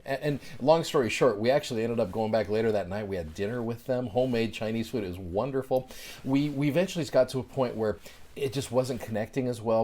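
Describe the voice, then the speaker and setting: A middle-aged man hosting a short scripture show, telling a personal story in a chatty, animated way with plenty of fillers. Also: medium pitch, slightly rough. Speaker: podcast host. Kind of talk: casual storytelling.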